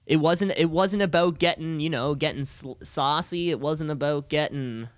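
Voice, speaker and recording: A man's voice: on the high side, moderate pace, no echo, studio quality. A man co-hosting a podcast, telling stories in a casual chat, stammering and restarting and laughing often as he gets worked up. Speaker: podcast co-host.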